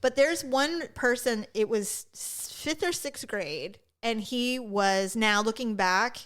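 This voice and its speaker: A woman co-hosting a podcast in casual chat, telling a story with lively quoted voices. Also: on the high side, slow pace, clear, resonant tone. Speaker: podcast co-host.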